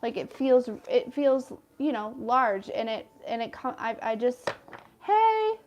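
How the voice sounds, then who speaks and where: A woman's voice: on the high side, steady tone, unhurried, slight background noise. A woman in her thirties giving a casual tarot card reading, chatty and rambling with lots of fillers. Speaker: tarot reader.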